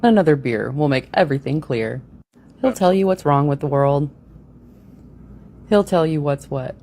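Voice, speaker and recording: Woman co-host, low, lively delivery, giggly comic story reading with profanity. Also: moderate pace. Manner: giggly, ad-libbing with curse words.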